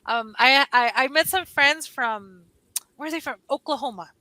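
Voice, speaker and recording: A woman from California tutoring English in a chatty, animated online conversation lesson over a video call, laughing often. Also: high-pitched, normal speed, no echo, low-quality recording.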